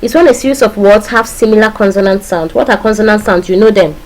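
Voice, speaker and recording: A woman teaching a class. She explains step by step, keeps checking that her students follow along, and reads example phrases slowly. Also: medium pitch, rough recording. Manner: explains with repeated check-ins and acted-out examples; slow, drawn-out reading of tongue twisters. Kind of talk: classroom lecture.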